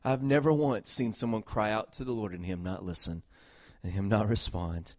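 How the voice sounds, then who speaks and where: A middle-aged man preaching a sermon as a pastor, earnest and emphatic, repeating phrases and moving between loud exhortation and soft, tender talk. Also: fairly low pitch, steady tone, normal speed, dry recording, clean studio sound.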